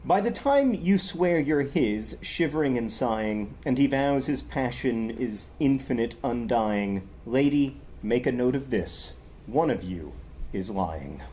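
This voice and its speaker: A man co-hosting a podcast, reading poems in a slow, measured way and chatting in quick asides with plenty of fillers. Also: mid-range voice, animated, warm tone, a little hiss or hum. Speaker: podcast co-host. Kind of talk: reading poems aloud and casual chat.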